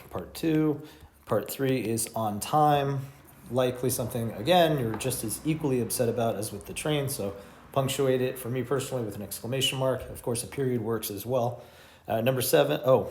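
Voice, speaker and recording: An American man teaching English grammar in an online lesson, explaining lively and correcting himself as he works through the exercises. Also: mid-range voice, roomy sound. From United States.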